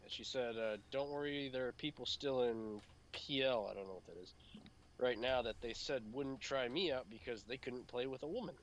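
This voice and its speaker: A man's voice: mid-range voice, moderate pace, a little hiss or hum. A laid-back man co-hosting a casual podcast, swearing and reading posts aloud. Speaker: podcast co-host.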